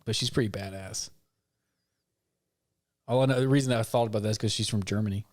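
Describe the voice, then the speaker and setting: A man's voice: on the low side, fairly quick, a little mellow, no echo, studio quality. A young man co-hosting a podcast in casual chat, rambling and swearing, calling people "man" often. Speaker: podcast co-host.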